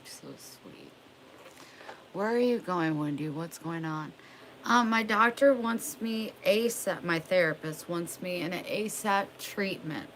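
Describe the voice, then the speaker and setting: Low-voiced young woman, slow drawl. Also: fairly bright tone, a little hiss or hum, rough recording. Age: young adult. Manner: slow, drawling, chatting with viewers by name. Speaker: livestreamer. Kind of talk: casual livestream chat.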